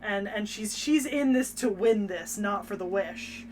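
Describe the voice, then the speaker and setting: A young woman co-hosting a casual anime discussion, energetic and sassy, swearing freely. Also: mid-range voice, unhurried, a little hiss or hum. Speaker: podcast co-host.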